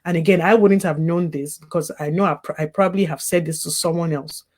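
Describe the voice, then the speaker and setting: Speaking fast in a lowish, steady, slightly mellow voice, a grief recovery specialist appears as an interview guest. She candidly recounts losing her baby, sincere and introspective, with many "you know" asides.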